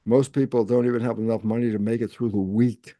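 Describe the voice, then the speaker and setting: Animated man asking and answering himself. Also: medium pitch, fast talker, dry recording, clean studio sound. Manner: animated, asks himself rhetorical questions and answers them. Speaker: interview guest. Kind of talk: explaining in a conversational interview.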